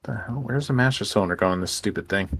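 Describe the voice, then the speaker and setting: A man's voice: fairly low pitch, fast talker, creaky, breathy edge. A young man from Illinois rambling through a casual gaming chat, hesitating with lots of fillers. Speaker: gamer host.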